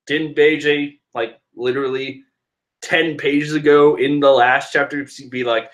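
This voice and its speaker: A man's voice: medium pitch, steady tone, normal speed, a bit bright. A man casually reading through a comic chapter aloud, joking and sarcastic with frequent laughs. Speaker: manga reader commentator.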